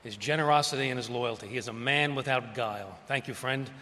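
A man giving a public lecture as guest speaker, telling stories with quick asides. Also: mid-range voice, pushed and bright, in a large hall, slight background noise.

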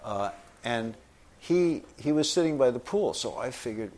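Man telling a lively story. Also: medium pitch, moderate pace. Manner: animated anecdotal storytelling, acts out quoted voices. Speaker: novelist guest. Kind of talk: storytelling in conversation.

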